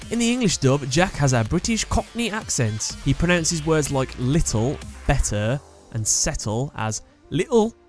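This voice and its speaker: A man hosting a video, reading out character trivia in a plain, matter-of-fact way. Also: mid-range voice. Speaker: host. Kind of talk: scripted narration of character trivia.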